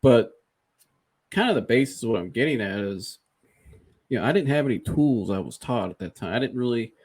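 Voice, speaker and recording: A man talks in a relaxed podcast chat, animatedly retelling a personal experience. His voice sits in an ordinary middle pitch, and he speaks openly and candidly. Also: brisk, husky. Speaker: podcast host. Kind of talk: casual conversational storytelling.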